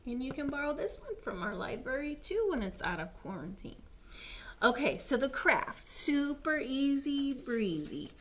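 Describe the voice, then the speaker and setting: Animated woman reading to small children. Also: high voice, measured pace, slight background noise. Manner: animated, sing-song read-aloud with animal noises. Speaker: children's librarian.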